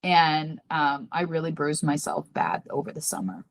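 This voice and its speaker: A woman guesting on a podcast as a psychic medium, telling a candid personal story in an earnest, confiding way and acting out the voices she quotes. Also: normal speed. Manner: earnest and confiding, talks about herself by name; animated, jumps high when acting out quoted voices.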